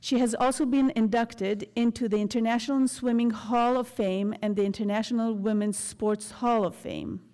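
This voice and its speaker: A woman introduces the speakers at an event in a polished, formal tone, her voice sitting a little higher. A long hall reverb trails her words. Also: fairly even intonation, moderate pace, hardly any pauses, mellow. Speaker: event announcer.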